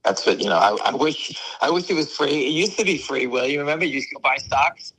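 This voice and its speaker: A man co-hosting a stock market talk show, hoarse from allergies, talking bluntly and dismissing critics. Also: on the high side, lively intonation, fast talker, a bit bright, low-quality recording. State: hoarse, losing his voice from allergies. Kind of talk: casual market talk with a co-host.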